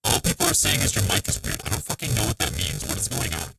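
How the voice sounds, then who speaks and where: A man's voice: fairly low pitch, lively intonation, creaky, a bit bright, faint music behind. A man hosting a game livestream, talking casually to his chat, frustrated and swearing at broken equipment. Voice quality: distorted robotic mic audio. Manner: frustrated, swearing, fast-shifting energy. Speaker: streamer. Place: home room. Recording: distant, glitchy robotic-sounding mic.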